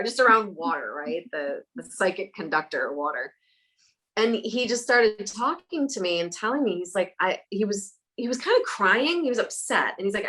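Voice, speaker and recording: Lively woman telling ghost stories. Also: medium pitch, low-quality recording. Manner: animated storyteller, acts out voices, laughs often. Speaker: psychic medium guest. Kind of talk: casual interview storytelling.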